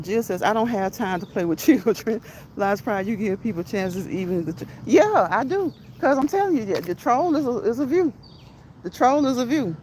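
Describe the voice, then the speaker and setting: Woman, livestream host, casual, laughing, mid pitch, faint background noise. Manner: laughing often, talking back to chat; quick, lively chatter. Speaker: livestream host reading chat.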